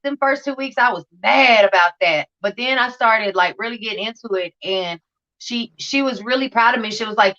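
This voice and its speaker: A woman's voice: a little high, fairly bright tone, dull audio. A woman telling her recovery story in a livestream interview, blunt and profane, acting out scenes as she talks. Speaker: guest sharing recovery story.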